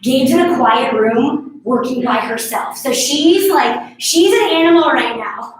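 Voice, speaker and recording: Heard from a distance in an echoey room, this fitness instructor, a woman in her thirties, runs a live barre class. She speaks in a high, unhurried voice, staying chatty and encouraging and laughing frequently.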